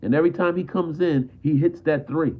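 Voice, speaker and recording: A man's voice: fairly high pitch, fairly quick, breathy edge. A man ranting as a frustrated basketball fan on a live stream. He repeats himself and drops "man" at the end of almost every line. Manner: frustrated, repetitive, peppers talk with "man". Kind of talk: live stream sports rant. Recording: tinny phone-like audio.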